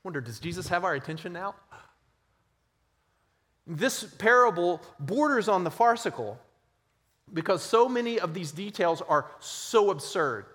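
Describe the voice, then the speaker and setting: A male pastor delivers a sermon in an emphatic style, pressing some phrases loudly and dropping others to a hush. His voice sits high for a man. It carries with a long reverb, as in a large church hall. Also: animated, unhurried, pauses often. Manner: emphatic preaching, swinging between loud stress and quiet.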